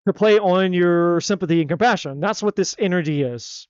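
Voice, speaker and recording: A man giving a live tarot reading in a blunt, animated, slangy way. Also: sits high, a little slow, clean tone, dry recording, lo-fi sound. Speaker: tarot reader.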